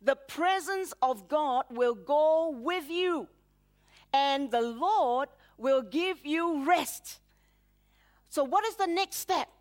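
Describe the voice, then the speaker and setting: A woman pastor preaching a sermon, dramatically acting out prayers with rising emphasis and laughing between phrases. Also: high-pitched.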